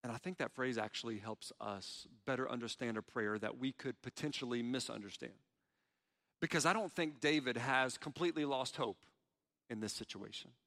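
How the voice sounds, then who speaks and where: A man's voice: medium pitch, normal speed, a bit bright, big-room sound. A man preaching a sermon, earnest in tone, voicing heartfelt pleas as he quotes prayers. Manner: earnest, pleading when quoting prayers. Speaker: pastor.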